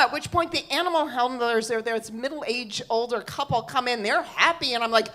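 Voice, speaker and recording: A woman's voice: high-pitched, quick pace, hardly any pauses. A middle-aged woman telling a comic story on stage, acting out the people in it. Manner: animated, quotes others with big shifts. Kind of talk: live storytelling.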